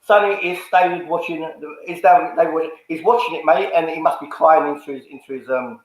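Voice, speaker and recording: A man's voice: on the high side, brisk. A man hosting a casual fan stream, jokey and full of slang as he reads out viewer comments. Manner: jokey, drops slang, lots of "um". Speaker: host reading viewer comments. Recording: very echoey room.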